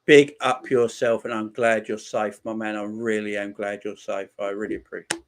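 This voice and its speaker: A man's voice: lowish voice, flat delivery, normal speed, background noise. Man hosting a football watchalong. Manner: reads viewer messages and gives warm shout-outs; rambling, repeats phrases. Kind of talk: casual live-stream chat.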